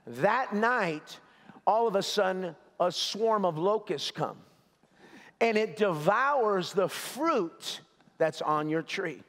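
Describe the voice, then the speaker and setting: A man's voice: sits high, lively intonation, slow pace, a bit bright. A man preaching a sermon as pastor, with an impassioned, repetitive cadence, speaking in a large church sanctuary. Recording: long hall reverb.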